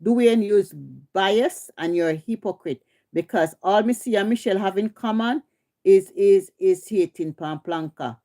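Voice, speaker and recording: A middle-aged livestream host with a Jamaican accent scolds in a confrontational, repetitive rant. She speaks at a moderate pace in a mid-range voice with a dark tone.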